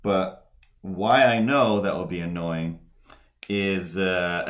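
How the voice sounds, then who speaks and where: A man with a low, deep voice chats casually while he draws on a live stream. He rambles, loses his thread, and circles back with filler words. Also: fairly even intonation, slow. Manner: rambling, full of fillers and restarts. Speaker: livestream host.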